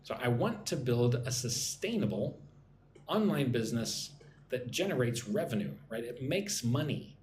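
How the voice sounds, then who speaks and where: A man's voice: medium pitch, expressive, normal speed, a little mellow, echoey room, a little hiss or hum. A man teaching English on a live stream, reading chat comments and drilling pronunciation.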